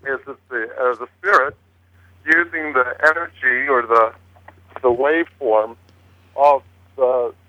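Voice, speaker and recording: A man's voice: medium pitch, steady tone, unhurried, long pauses, no room sound. Man on a tinny phone line. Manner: rambling, many fillers and restarts. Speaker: paranormal investigator guest. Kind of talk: casual chat on a phone-in talk show.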